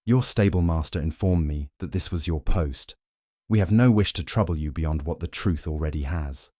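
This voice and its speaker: A man voicing Sherlock Holmes, calm and smooth. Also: rumbling low, no room sound, studio quality. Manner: smooth, measured, almost kind. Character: Sherlock Holmes, calm keen-eyed male detective.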